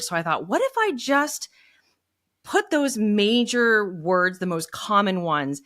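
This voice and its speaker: A woman's voice: mid-range voice, fairly bright tone. A woman, a guest on a podcast, explaining things in a casual conversation. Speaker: podcast guest, children's book author.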